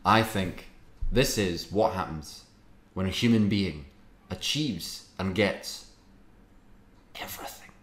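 Deep-voiced rambling man, echoey room. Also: slow pace. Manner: rambling, animated storytelling with impressions. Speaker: podcast guest. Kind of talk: casual chat. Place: live podcast venue.

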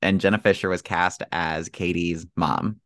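Deep-voiced easygoing man co-hosting a chat. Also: steady tone, unhurried, a bit bright, no echo, studio quality. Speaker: co-host. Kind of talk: casual chat.

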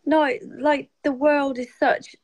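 Gushing emotional woman, high voice. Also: flat delivery, takes it slowly, darkish tone, no echo, poor audio. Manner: emotional, gushing, many "like" fillers. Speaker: guest on a live stream. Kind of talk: casual heartfelt chat.

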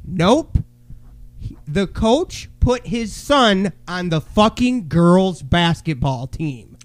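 High-voiced man ranting and swearing. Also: very animated, slow pace. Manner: heated storytelling, bursts into shouting; swears heavily. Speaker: podcast co-host. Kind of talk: casual chat.

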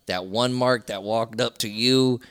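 A man's voice: mid-range voice, steady tone, a little slow, fairly bright tone, clean tone. A man co-hosting a podcast in loose, profane casual chat, rambling and laughing often. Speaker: podcast co-host.

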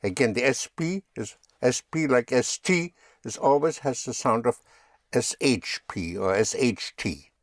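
A man's voice: mid-range voice, expressive, a little slow, no room sound, studio quality. A man teaching German, patiently spelling words out and having learners repeat them. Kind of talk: slow language lesson.

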